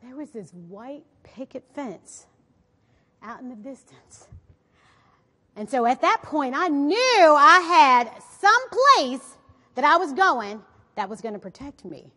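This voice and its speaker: Female motivational speaker, high voice, lively stage storyteller, big reverberant hall. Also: slow pace. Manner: animated, often asks the audience "right?". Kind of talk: inspirational stage talk with storytelling. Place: on a stage before an audience.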